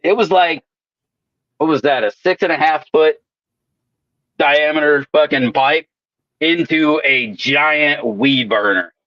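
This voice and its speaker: A man's voice: a little high, slow, pauses often, bright, forceful tone, no echo, muffled recording. A man telling rowdy work stories in casual, profane chat, swearing constantly. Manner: swaggering storyteller, swears constantly. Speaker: welder co-host.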